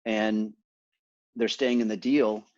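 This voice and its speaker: A man's voice: lowish voice, takes it slowly, no room sound, highs cut off. Man telling business stories in an interview. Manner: animated, acts out quoted exchanges. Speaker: multifamily investor guest. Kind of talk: conversational interview storytelling.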